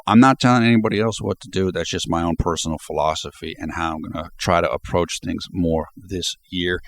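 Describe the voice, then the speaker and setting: A man with a notably low, deep voice talks to his viewers in a loose vlog style. He speaks off the cuff and reflects as he goes. He delivers sports commentary at an easy pace. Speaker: sports video blogger. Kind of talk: casual spoken commentary.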